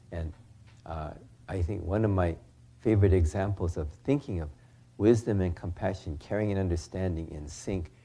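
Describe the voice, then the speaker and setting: A man's voice: sits low, warm tone. An older man from California, a Buddhist minister giving a folksy storytelling talk, acting out the characters and often asking "huh?".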